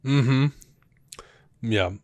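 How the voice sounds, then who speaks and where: A man co-hosting a podcast in casual chat. He rambles with many fillers and restarts, and retells scenes with animated quoted lines. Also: mid-range voice, very slow, no room sound. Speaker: podcast co-host.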